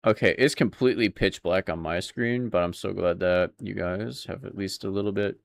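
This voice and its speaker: A young male streamer with a deep, creaky voice talks at a moderate pace, chatting casually with his viewers as he plays a game. He's laid-back and laughs often, and there's no echo on the recording.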